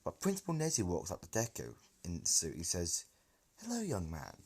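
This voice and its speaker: A man's voice: sits low, wildly swooping pitch, fairly quick, no echo. A man casually improvising a fan story, rambling with many fillers and restarts, recorded on a phone.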